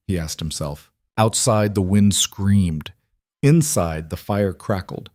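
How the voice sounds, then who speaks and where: A man with a low voice narrates a dramatic western tale, measured and brooding. The sound is dry and close, with no room echo. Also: darkish tone.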